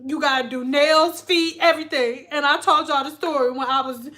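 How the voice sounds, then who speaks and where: A woman vlogger telling a story in casual chat, animated and laughing, often mimicking other people's voices. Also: high voice, normal speed.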